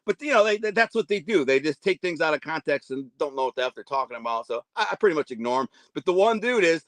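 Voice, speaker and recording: Man around 50, rambling storyteller, acts out quotes, fairly high pitch, dry sound. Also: expressive, fast talker, fairly bright tone, no echo. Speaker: guest. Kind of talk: casual storytelling interview.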